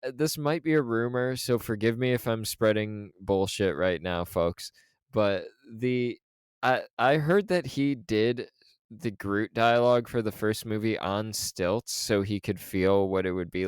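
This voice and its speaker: A male podcast co-host talks in loose, rambling stretches full of fillers. His voice sits a little low and sounds smooth. The recording is dry and close, with no room sound. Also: no room sound. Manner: rambling, filler-heavy storytelling. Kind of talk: casual chat.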